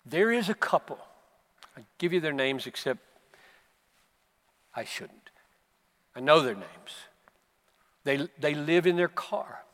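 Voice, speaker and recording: A man in his seventies with an American accent, preaching a sermon at a conference and swinging from low, quiet stretches up to emphatic, passionate peaks. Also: very animated, takes it slowly, long pauses, big-room sound. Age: 70s. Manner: impassioned, surging to emphatic peaks then dropping low. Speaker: pastor. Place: conference hall.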